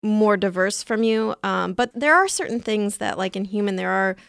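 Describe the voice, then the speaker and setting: A young woman with a creaky, gravelly edge to her voice chats through animal facts on a podcast, joking and wandering off topic as she goes. The sound is close and dry, with no room around it. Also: mid-range voice, moderate pace, a bit bright, dry recording. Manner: jokey, rambling, laughs often. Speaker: podcast co-host presenting science facts. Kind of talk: casual comedic chat.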